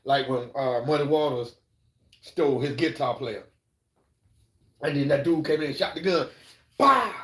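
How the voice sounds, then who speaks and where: A man's voice: mid-range voice, fairly even intonation, normal speed, pauses often, a little mellow. A man live-streaming, telling stories in a rambling, profane way and checking in with listeners, in an echoey room. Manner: rambling, profane, keeps asking "you know what I'm saying". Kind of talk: casual storytelling.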